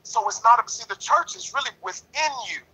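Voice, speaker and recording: A man's voice: extremely high pitch, lively intonation, brisk, sharp tone, husky, poor audio. A man in a lodge discussion talking in a preachy, emphatic way, repeating himself and leaning on "you know". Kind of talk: passionate casual discussion.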